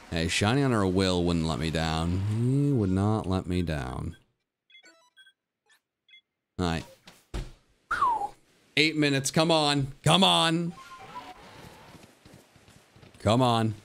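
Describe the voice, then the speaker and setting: A young man streaming a game live, talking to himself and his chat, with mock-dramatic groans and sudden high yelps. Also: animated, slow pace, pauses often, a little hiss or hum. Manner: addresses his chat directly. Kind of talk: live gameplay commentary.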